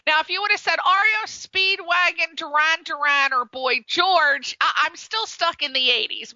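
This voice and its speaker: Middle-aged woman radio host from the East Coast, very high and bright, chatty and doting, dull lo-fi sound. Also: normal speed, hardly any pauses, dry recording. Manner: gushing, affectionate, chatty. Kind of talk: casual radio interview chat.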